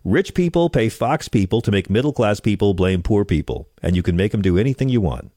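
Low-voiced wry radio host. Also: male voice, animated, brisk, dark tone, dry recording, studio quality. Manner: wry, joke-telling, builds to punchlines. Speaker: radio talk show host. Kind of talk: comedic call-in radio talk.

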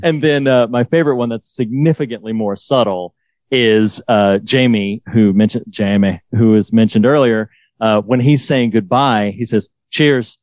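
A man's voice: on the low side, normal speed, darkish tone, no echo. A man co-hosting a podcast in casual chat, eagerly retelling favourite scenes and quoting lines. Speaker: podcast co-host.

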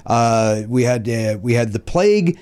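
A man's voice: mid-range voice, lively intonation, a little slow, a little mellow, clean tone. A man hosting a podcast in casual chat, joking and swearing as he talks. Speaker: podcast host.

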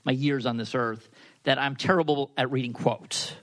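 A man's voice: medium pitch, steady tone, normal speed, a bit bright. A man co-hosting a podcast in casual chat, rambling and making self-deprecating jokes. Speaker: podcast co-host.

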